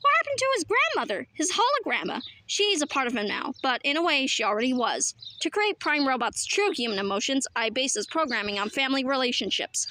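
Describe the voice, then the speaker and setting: A woman's voice: sits high, sing-song, pushed and bright, slight background noise, heavily acted. Woman playing an eager scientist explaining. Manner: brisk, explanatory. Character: eager inventor scientist explaining her work. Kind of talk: children's book read-aloud.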